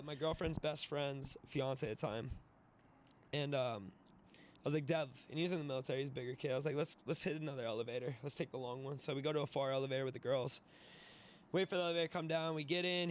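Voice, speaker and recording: Give me an animated, profane man telling a story casually, with a fairly high voice. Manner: animated, profane, acts out voices in his stories. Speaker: podcast guest, mixed martial artist.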